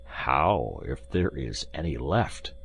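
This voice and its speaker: A hand-wringing innkeeper, as a male narrator puts him on, fretful and pleading, his voice swinging high with worry. A worried tavern keeper in a storybook reading. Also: sing-song, unhurried, gravelly, husky, full character voice. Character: anxious middle-aged male innkeeper, fretful.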